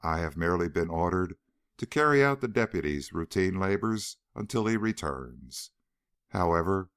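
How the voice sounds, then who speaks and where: Man doing a bitter, formal young man. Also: deep voice.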